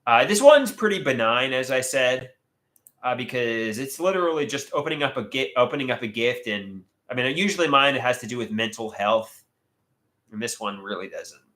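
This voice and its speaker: Man, late thirties, live-stream host, lively up-and-down pitch, bright tone, chatty, stammers. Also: normal speed. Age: 30s. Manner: chatty, reads out viewer comments, stammers and restarts. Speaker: livestream host. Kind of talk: casual live-stream chat.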